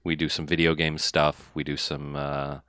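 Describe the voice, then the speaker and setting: A man's voice: extremely low pitch, flat delivery, normal speed, a bit bright, clear, resonant tone, dry recording, clean studio sound. A man hosting a podcast, reading out contact details and plugs in a loose, jokey way. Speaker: podcast host. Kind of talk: casual podcast banter.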